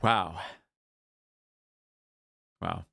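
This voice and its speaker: A man reacting to a dance video on his channel, gushing with excited whoops and earnest talk full of ums and uhs. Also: extremely slow, no room sound, clean studio sound. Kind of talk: casual reaction vlog.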